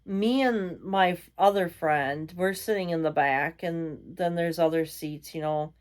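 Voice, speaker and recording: A woman vlogger tells a ghost story casually and ramblingly, with lots of fillers and self-corrections. Her voice is fairly low in pitch, at a measured pace.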